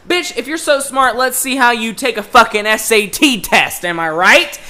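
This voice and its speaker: A man's voice: very high voice, sharp tone. A young man co-hosting a podcast, telling a story in a profane, exasperated rant in casual chat. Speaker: podcast co-host.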